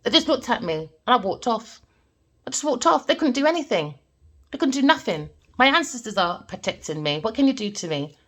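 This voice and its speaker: A woman with a Jamaican family background, a tarot reader telling stories and giving a reading in an animated, emphatic way. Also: a little high, a little fast. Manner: animated, emphatic, repeats points with "all right?". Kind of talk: casual storytelling and tarot reading.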